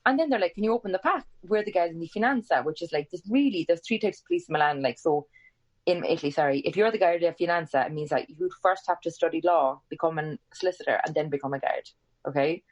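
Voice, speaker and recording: She's an Irish podcast guest in her twenties, telling a story quickly in laid-back chat, swearing freely and bringing quotes to life with big pitch jumps in an animated way. The recording sounds muffled.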